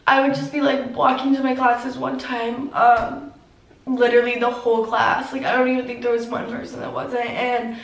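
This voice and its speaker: A teenage girl vlogger telling a personal story through tears, filler-heavy and halting. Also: a little high, level tone, vocal fry, roomy sound, recorded from a distance, rough recording. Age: teens. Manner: tearful, heavy use of "like". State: crying. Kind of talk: emotional storytime.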